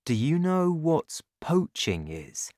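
Gentle patient dad read by the narrator, slow and lilting, dry close sound. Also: medium pitch, big pitch swings, dry recording, voice pushed up. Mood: calm, earnest. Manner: slow, measured storytelling delivery. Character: patient, gentle adult father. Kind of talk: audiobook reading.

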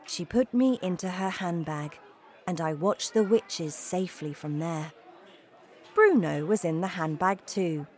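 A woman reading a children's storybook aloud as narrator, with a slow, expressive delivery. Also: lowish voice, some chatter behind. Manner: slow, lively intonation.

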